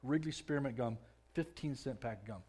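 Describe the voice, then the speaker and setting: A man giving a personal testimony in a conversational way, often restarting his words and growing louder as the story builds. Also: medium pitch, normal speed. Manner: conversational, repeats and restarts words, swells louder when excited.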